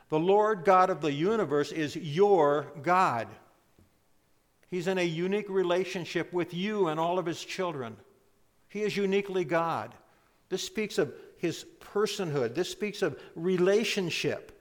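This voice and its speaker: A man preaching a sermon, emphatic, with sudden drops to a soft, intimate tone. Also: fairly high pitch, expressive, measured pace, big-room sound. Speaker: pastor.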